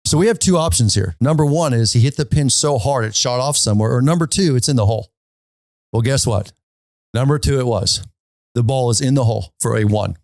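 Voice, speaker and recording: A golf podcast host speaks in a mid-range voice with no room sound. His storytelling is easygoing yet lively, full of repetition and frequent "okay?" check-ins.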